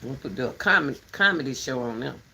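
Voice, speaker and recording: A woman hosting a casual rambling chat, animated and talkative, turning between her dogs and her viewers. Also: rumbling low, fast, vocal fry, a little hiss or hum. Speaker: commentary channel host.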